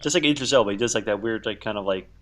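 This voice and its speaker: A man's voice: lowish voice, rapid-fire, over a noisy crowd. A man in casual podcast chat, tossing out wisecracks. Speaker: podcast host.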